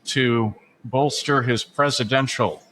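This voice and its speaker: A man's voice: mid-range voice, slow, bright, forceful tone, slight background noise. A man hosting a sports podcast in casual chat, chatty and full of "uh" fillers. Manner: chatty, many "uh" fillers, laughs at his own asides. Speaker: podcast host.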